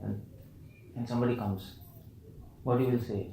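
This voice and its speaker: In a temple hall with roomy echo, a man delivers a scripture lecture, questioning his live audience and playfully repeating words for emphasis. His medium-pitched voice is steady and dark, at a normal speed, with slight background noise.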